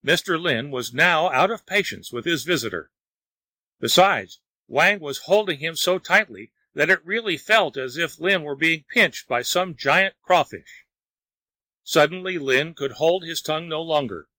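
Bright-voiced man reading a folk tale. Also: a little high, animated, no room sound, rough recording. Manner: measured storytelling. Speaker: narrator.

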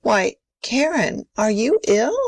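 A woman's voice: fairly high pitch, very animated, slow pace, dry recording, full character voice. A woman playing a strict old grandmother. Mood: prim. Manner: stern, scolding. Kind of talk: amateur play reading.

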